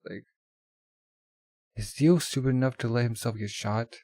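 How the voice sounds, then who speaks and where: A man's voice: medium pitch, moderate pace, darkish tone, no room sound, natural voice. Man reading as a determined young racer. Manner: tense inner monologue.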